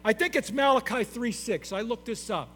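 A man's voice: very high voice, normal speed, fairly bright tone. A middle-aged man preaching a sermon to his congregation, emphatic and repeating his key phrases. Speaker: pastor. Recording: long hall reverb with faint mains hum.

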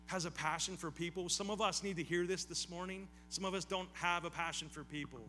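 A man's voice: high-pitched, steady tone, fairly quick, bright, forceful tone, a little hiss or hum. A male pastor preaching a sermon in a conversational style, with casual asides and repeated phrases that build to emphatic calls.

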